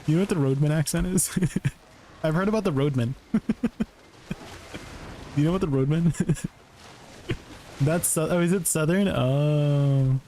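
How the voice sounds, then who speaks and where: A man hosts a relaxed live stream, talking through viewer questions in a loose, chatty way and breaking into laughter often. His voice sits a little on the high side, with a faint hum of room noise underneath. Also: a little slow, pauses often.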